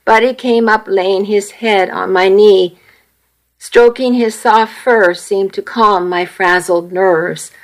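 A woman reading a first-person story aloud, measured and earnest. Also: mid-range voice, steady tone, rough recording. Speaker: narrator.

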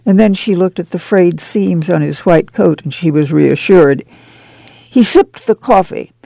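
Man, audiobook narrator, measured reading, gravelly, dark mellow tone. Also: high voice, no echo. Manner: measured, even reading of prose. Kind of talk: scripted novel narration.

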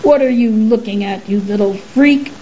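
A woman voicing a huge furry male beast, scornful, grieving and quick to anger, in a spoken story. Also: on the high side, warm tone, dull audio, slight background noise, close to an everyday voice. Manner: scornful questioning.

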